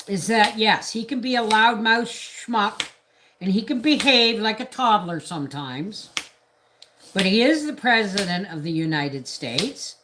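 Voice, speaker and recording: A woman's voice: medium pitch, noisy background. A middle-aged woman from Canada talking on a casual live stream, ranting in a rambling, indignant way with restarts. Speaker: homestead vlogger on a live stream.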